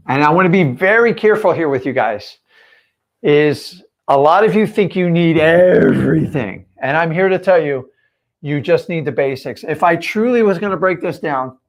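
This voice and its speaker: Male coach, fairly high voice, punchy emphatic live-stream delivery, lots of rhetorical questions. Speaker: real estate coach.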